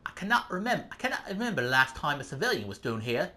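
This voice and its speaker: Man doing a gruff Scottish governor, strained high voice, lively swings, game music. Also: fast, full character voice. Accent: attempted Scottish. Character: gruff middle-aged male Scottish prison governor, hostile and suspicious.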